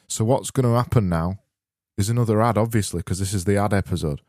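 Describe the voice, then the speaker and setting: Male podcast host, lowish voice, rambling self-interrupting comic delivery. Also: a little fast, dark tone, no echo, clean studio sound. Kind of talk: comic podcast banter and spoof advert.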